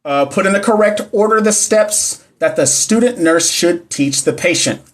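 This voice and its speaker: A young man running a casual livestream on a phone or computer mic. He reads exam questions out loud and answers viewers' comments. His manner is loose, playful and full of slang, and he often talks straight back to the chat. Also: high-pitched, normal speed. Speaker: livestream host teaching nursing exam questions. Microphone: phone or computer mic on a live stream.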